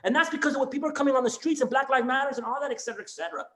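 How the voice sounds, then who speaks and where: A man's voice: very high-pitched, very fast, bright, forceful tone, reverberant. A man who teaches elementary school, speaking with raw emotion in a class discussion on a video call, rambling, restarting and peppering his talk with "man" and "dude".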